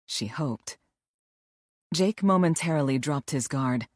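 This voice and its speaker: Woman, audiobook narration, measured and even, low voice, dry close sound. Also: no echo.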